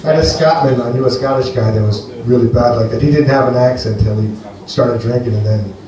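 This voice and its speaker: A man from Greece doing a rambling, deadpan stand-up set for a live audience at a comedy venue. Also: mid-range voice, fairly quick, distant mic. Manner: rambling, deadpan, playful with the crowd. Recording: echoey live room, heard from afar.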